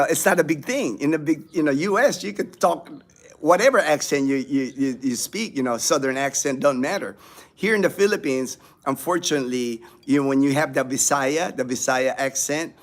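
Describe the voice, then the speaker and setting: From his home in the Philippines, a man hosts a casual livestream, chatting with viewers and reading their comments aloud. He rambles, with many fillers and restarts, speaking in a medium-pitched voice at a moderate pace.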